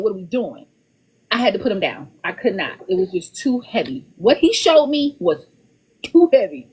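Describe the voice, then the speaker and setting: A woman author talking casually on a podcast, animated and laughing often, repeating words as she gets going. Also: medium pitch, breathy edge. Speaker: author guest.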